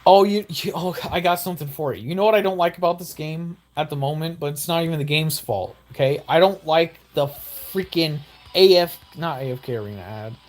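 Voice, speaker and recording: Excitable young gaming commentator, man. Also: fairly high pitch, fairly quick, few pauses, slight background noise. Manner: excitable, rambling, exaggerated outbursts. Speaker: gaming YouTuber. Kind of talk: gameplay commentary.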